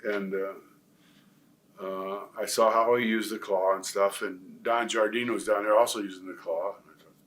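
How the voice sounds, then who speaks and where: A man's voice: fairly low pitch, steady tone, normal speed, a bit bright. An older man from Nebraska telling long stories in a career interview, rambling with many fillers and restarts. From Nebraska, USA. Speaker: retired pro wrestler, guest.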